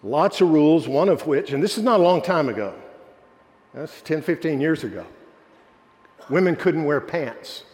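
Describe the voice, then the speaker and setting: A fairly high-voiced man preaches a sermon as pastor. He tells stories earnestly and dips his voice low for the people he quotes. His words ring out with a long reverb, as in a church sanctuary. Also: lively intonation, normal speed, pauses often, darkish tone.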